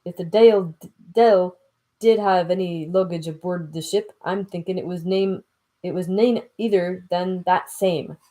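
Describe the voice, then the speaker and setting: This is a gruff, middle-aged Scottish sea captain, put on by a woman reading aloud. He rambles in thick folksy dialect, with a somewhat low, plain voice. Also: steady tone, a little slow, dark tone, close to an everyday voice. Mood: stubborn. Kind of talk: audiobook reading.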